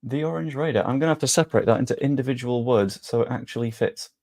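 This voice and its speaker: Young male streamer, casual and self-mocking, mid-pitched, dry close mic. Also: fast talker, gravelly, mellow, dry recording. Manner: chatty, jokey, self-deprecating. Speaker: streamer hosting a sweepstake draw. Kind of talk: casual live-stream chat.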